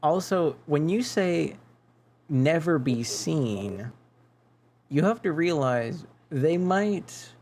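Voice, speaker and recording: A man's voice: on the high side, animated, takes it slowly, darkish tone. A male streamer in casual gaming chat, rambling and musing aloud to his viewers as he plays. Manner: rambling, muses aloud while chatting with viewers.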